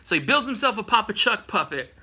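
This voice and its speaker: A man's voice: sits high, big pitch swings, fairly quick, pushed and bright. A man casually recapping a comic issue with rambling, jokey asides. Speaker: comic book reviewer.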